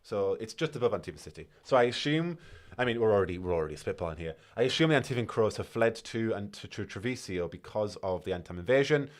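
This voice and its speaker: A man from the north of England with a Northern English accent, hosting a live reaction stream in excitable, speculative casual chat. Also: fairly low pitch. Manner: excitable, speculative, quick to laugh.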